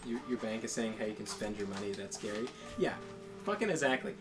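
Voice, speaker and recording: A man's voice: lowish voice, steady tone, quick pace. A man chatting casually during a game session, ranting in a profane, rambling way and often breaking into laughter. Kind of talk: casual chat. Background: game music.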